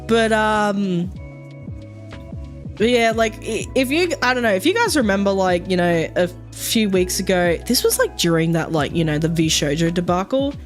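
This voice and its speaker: Woman, streamer, casual rambling chat, lots of swearing, mid-pitched voice, faint music behind. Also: expressive, moderate pace. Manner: rambling, swears a lot, many fillers.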